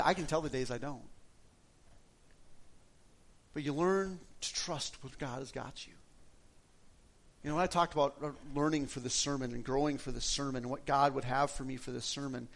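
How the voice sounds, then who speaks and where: A man's voice: on the high side, a little fast. A middle-aged male pastor preaching a sermon in a conversational, storytelling way, often restarting his sentences.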